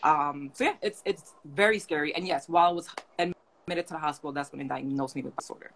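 A woman with a fairly low voice hosts a casual live stream. She tells her own story in an animated way and acts out the voices of the people she quotes. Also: fast talker, slight background noise. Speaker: host.

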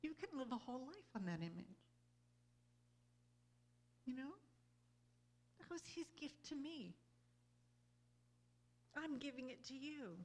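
A spiritual speaker, a woman, gives an inspirational talk to a group in an earnest, conversational way, often asking "you know?" to check in with listeners and laughing easily between thoughts. Her voice sits high with big pitch swings and a darkish tone. She speaks a little slowly and pauses often.

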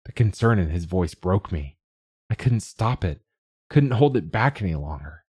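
Low, husky male audiobook narrator. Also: darkish tone, no room sound, clean studio sound. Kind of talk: scripted first-person narration.

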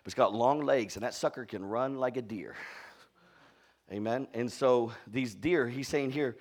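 High-pitched Southern preacher man. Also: normal speed. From Florida. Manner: call-and-response, often asking "are y'all with me"; swings between shouted peaks and low, quiet storytelling. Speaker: pastor. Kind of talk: sermon.

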